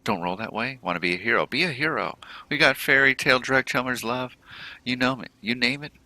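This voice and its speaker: A man voicing a jittery male orc drug dealer, pitched well above his own voice, with repetitive, hyped salesman patter. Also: brisk, bright, forceful tone, no room sound.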